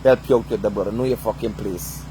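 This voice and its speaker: A man's voice: on the low side, fairly even intonation, fast talker, warm tone, a little hiss or hum. A man delivering a heated, profane rant, swearing constantly and asking "you understand?" over and over. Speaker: vlogger.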